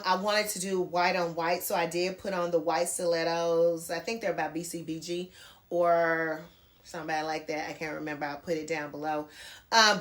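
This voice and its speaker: A woman's voice: lowish voice, fairly bright tone. A middle-aged woman chatting casually through a clothing try-on haul, calling her viewers girl and y'all. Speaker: fashion vlogger. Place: home bedroom near a closet.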